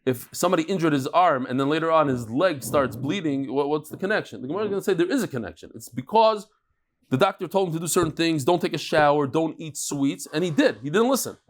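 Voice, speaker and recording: Animated man teaching Talmud. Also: fairly high pitch, fast. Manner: lively storytelling with jokes and Yiddish words. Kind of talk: daily Talmud lecture.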